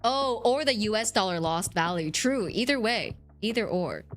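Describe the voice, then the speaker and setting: A woman's voice: medium pitch, lively intonation, normal speed, soft background music. A woman streamer chatting casually with her viewers, rambling and giggling as she answers chat.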